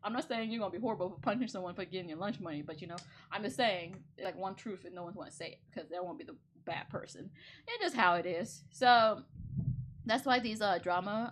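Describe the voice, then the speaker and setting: A woman's voice: lowish voice, a little hiss or hum. A woman streamer in casual chat, rambling and laughing often as she talks.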